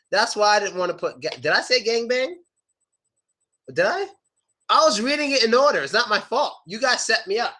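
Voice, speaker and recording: Brief: casual male pronunciation tutor, slightly high pitch, informal banter. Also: sharp tone. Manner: joking, informal and chatty with students. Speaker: English pronunciation teacher. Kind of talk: live online lesson.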